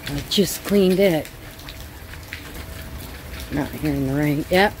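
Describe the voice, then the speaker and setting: Filming herself at home by the porch and pool while it rains, a vlogger chats casually to camera, folksy and frank with plenty of swearing. She has a deep, somewhat mellow voice and takes her time. Rain is clearly heard behind her on this low-quality recording.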